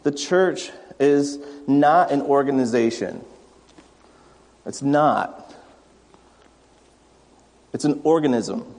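A man's voice: mid-range voice, slow pace, pauses often, a little mellow. Man preaching in a reverberant church. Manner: conversational, acts out family anecdotes. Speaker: pastor. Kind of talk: sermon. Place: church sanctuary.

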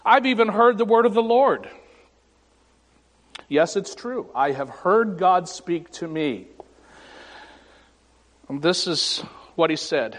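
Pastor, male, high and unhurried; wry, self-mocking sermon delivery with pauses, long church reverb. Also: expressive. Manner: slow and deliberate, with dramatic pauses; wry, self-deprecating humor. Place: church sanctuary. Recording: echoey sanctuary reverb.

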